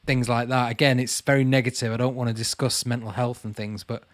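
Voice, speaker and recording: A man's voice: medium pitch, little pitch movement, a little fast, no echo. A man hosting a casual livestream, reading out viewers' comments and chatting back to them. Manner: chatty, calls viewers mate, reads comments aloud. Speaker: channel host answering live chat.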